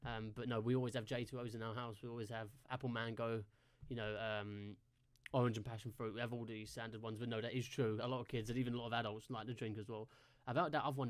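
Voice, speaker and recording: A man with a London accent, hosting a reaction video and thinking aloud in a loose, rambling way. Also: mid-range voice. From London, England. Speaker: reaction host. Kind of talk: casual reaction commentary.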